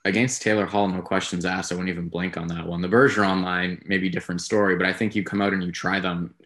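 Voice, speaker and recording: A man co-hosting a podcast, talking through his views in a casual, rambling, measured way. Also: low-pitched, steady tone, fairly bright tone. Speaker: podcast co-host. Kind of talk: casual sports talk.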